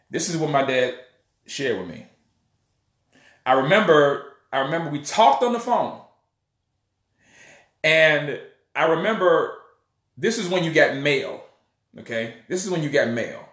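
A man telling a personal story in a casual, animated way, often acting out the voices of others. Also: medium pitch, echoey room. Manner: animated storyteller, acts out voices, many restarts. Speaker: online preacher and channel host.

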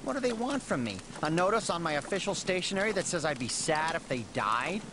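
Brief: actor as a sarcastic, whiny male leader, lively pitch, noisy game backdrop. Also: fairly quick, lightly acted. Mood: sulky. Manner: sulky, sarcastic.

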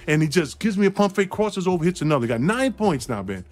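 A man telling an excited, laughing anecdote about his playing days, in a played clip with faint music under it. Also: high voice, fast talker. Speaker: former player telling a story. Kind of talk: animated storytelling clip.

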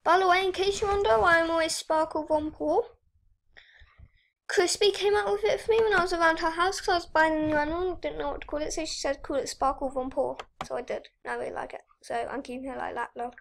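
A teenage girl chatting excitedly while she plays an online game and thanks her subscribers. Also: very high voice, fast, vocal fry, a little hiss or hum. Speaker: YouTuber. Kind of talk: casual gaming vlog commentary.

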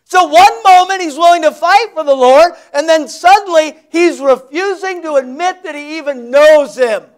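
A man's voice: extremely high pitch, moderate pace, hardly any pauses. A male pastor preaching a sermon, telling Bible stories dramatically with folksy, conversational asides. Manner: dramatic storytelling, acting out scenes.

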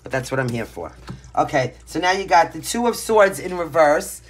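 A woman's voice: deep voice, lively intonation, moderate pace, slight background noise. Blunt, brash Brooklyn woman reading tarot. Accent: Brooklyn New York. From Brooklyn, New York. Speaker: tarot reader. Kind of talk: casual tarot reading to camera. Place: home, pets nearby.

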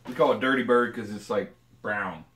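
A man's voice: lowish voice, normal speed, fairly bright tone, reverberant, recorded from a distance, slight background noise. A man from Oklahoma chatting casually on a vlog, joking and slipping into exaggerated country voices with a put-on Southern accent. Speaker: vlogger. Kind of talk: casual chat.

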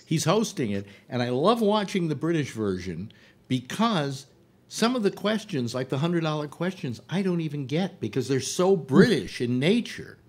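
A man's voice: on the high side, normal speed, husky. An American man hosting a casual panel chat, talking with many restarts and fillers. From United States. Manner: animated, full of restarts and fillers. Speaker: host. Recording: online call audio.

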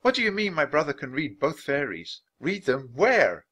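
A man reading a storybook aloud, voicing an eager, softhearted little girl in a raised, pleading voice. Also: big pitch swings, moderate pace, slightly rough, exaggerated voice. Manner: high, pleading, insistent.

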